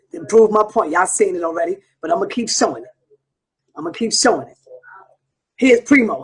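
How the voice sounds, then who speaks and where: A man's voice: high voice, husky. A man hosting an online show, delivering a heated, profane monologue straight to his viewers. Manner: profane, combative, preaching to viewers.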